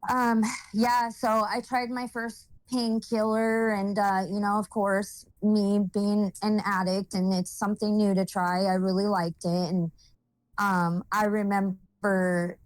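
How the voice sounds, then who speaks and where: Halting young woman, dry close sound. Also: mid-range voice, flat delivery, no echo, rough recording. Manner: halting, searching for words; emotional, holding back tears. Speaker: vlogger telling her life story. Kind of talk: personal testimony, casual monologue.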